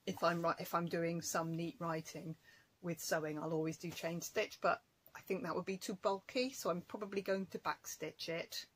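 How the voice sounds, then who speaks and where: Casting: woman craft vlogger, husky lowish voice, rambling casual show-and-tell. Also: steady tone, normal speed, fairly bright tone, rough recording. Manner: chatty, rambling, self-correcting.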